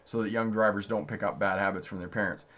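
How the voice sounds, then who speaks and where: A man's voice: lowish voice, fairly even intonation, quick pace, fairly bright tone. A male driving instructor answering viewer questions on a live stream, talking in a conversational way and laughing often.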